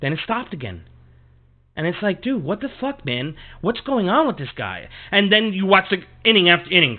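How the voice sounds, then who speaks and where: A man's voice: high-pitched, sing-song, normal speed. Profane, ranting man on tinny audio. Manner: profane, heated, repetitive ranting. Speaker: podcast host. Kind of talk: ranting sports podcast monologue.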